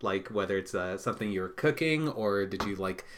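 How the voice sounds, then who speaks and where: A man's voice: low voice, lively intonation, fairly quick, fairly bright tone, slight background noise. Laid-back man chatting on a podcast. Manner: laid-back, rambling, laughs a lot. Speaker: podcast co-host. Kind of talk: casual chat.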